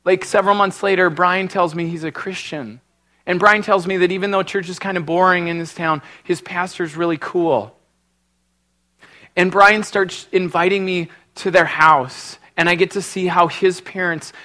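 Middle-aged male pastor, bright forceful voice, earnest and emotional storyteller. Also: sits high, fairly even intonation, normal speed. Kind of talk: sermon with personal story and prayer.

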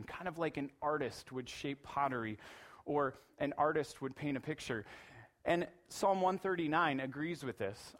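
A middle-aged man preaching a sermon in an animated, playful way, acting out little voices in his asides. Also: mid-range voice. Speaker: pastor.

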